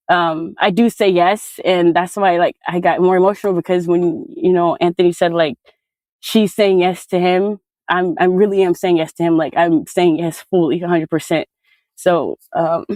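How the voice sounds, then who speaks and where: A woman's voice: fairly low pitch, darkish tone, dry recording. Twenty-something woman crying a bit as she tells her story, lots of likes and ums, dry sound. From California. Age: 20s. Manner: tearful, halting, many fillers. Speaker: guest speaker. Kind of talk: emotional personal testimony.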